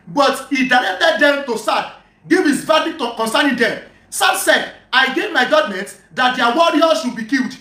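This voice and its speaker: Bright high voice in a roomy echo. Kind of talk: heated online religious debate.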